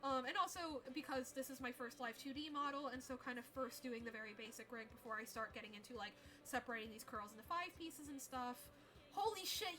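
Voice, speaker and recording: A young woman streaming live as a VTuber artist, chatting casually and gushing excitedly, laughing often and swearing now and then. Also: high-pitched. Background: faint music.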